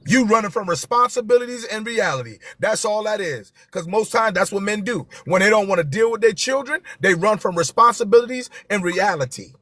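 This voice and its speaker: A man's voice: high-pitched, animated, a little fast, few pauses, a bit bright, no echo. A man, hosting a live stream and talking to viewers with passion, repeating his key phrases for emphasis.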